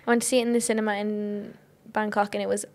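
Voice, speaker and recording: A woman's voice: mid-range voice, level tone, quick pace. A young woman co-hosting a casual podcast, chiming in eagerly and teasing her friend. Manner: chatty, eager interjections and teasing. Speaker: podcast co-host. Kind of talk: casual chat.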